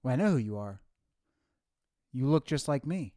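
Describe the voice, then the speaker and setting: A man's voice: mid-range voice, animated, normal speed, warm tone, dry recording, clean studio sound. A man hosting a comedy show, asking bewildered, exclamatory questions in a sketch where he talks to himself. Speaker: host.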